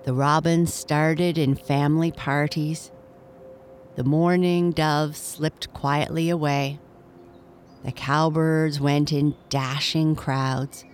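A woman reading a children's bedtime story aloud in a gentle, measured way. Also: low voice, flat delivery, a little hiss or hum. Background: faint music.

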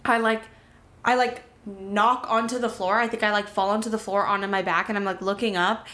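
A woman's voice: medium pitch, fairly even intonation, a little fast, sharp tone. A young woman from Miami telling a story in casual chat, rambling, swearing freely and filling her talk with "like".

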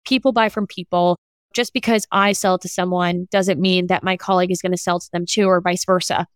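A woman's voice: on the low side, level tone, brisk, clean tone, no room sound, clean studio sound. A woman guest on a podcast, answering earnestly and encouragingly in casual talk.

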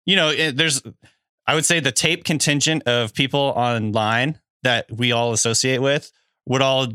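Man, podcast co-host, bright forceful tone, hesitant hedging chat, dry studio sound. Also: medium pitch, fairly even intonation, moderate pace, clean tone, no room sound. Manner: hesitant, hedging, laughs often. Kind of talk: casual sports chat.

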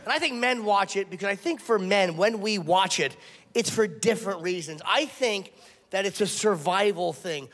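A man's voice: high voice, normal speed, fairly bright tone. A male stand-up comedian doing a crude, self-mocking set, breaking into acted voices for his bits. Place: comedy club stage before a laughing audience. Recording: echoey live room with audience noise.

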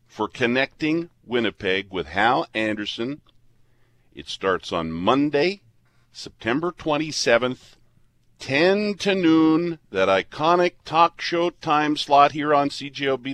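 A man's voice: a little high, lively intonation, unhurried, fairly bright tone. A man in his fifties from Canada, a radio host talking in an earnest, rambling way with many restarts. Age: 50s. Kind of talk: casual on-air chat. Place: radio studio.

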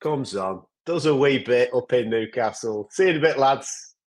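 A man's voice: medium pitch, normal speed. A man hosting a sports podcast, bantering casually and swearing freely. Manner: banter, swearing, lively teasing. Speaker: podcast host. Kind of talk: casual chat.

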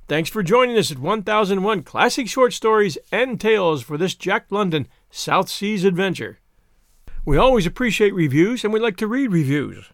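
A man narrating a classic short story as a podcast host, expressive with varied character voices. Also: high voice, moderate pace, no echo, clean studio sound. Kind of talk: storybook reading.

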